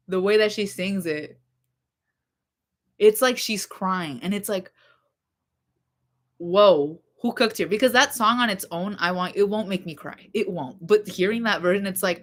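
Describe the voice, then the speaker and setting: A woman's voice: mid-range voice, moderate pace, a bit bright. A young woman vlogger chatting casually about songs that move her, rambling with lots of fillers and laughing asides. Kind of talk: casual chat about music.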